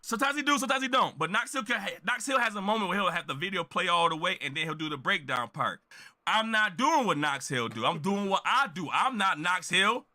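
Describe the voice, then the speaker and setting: A man who makes reaction videos, ranting loudly and emphatically to his audience. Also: high-pitched, lively intonation, fairly quick. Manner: loud, emphatic, shouts with indignation. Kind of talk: animated ranting monologue.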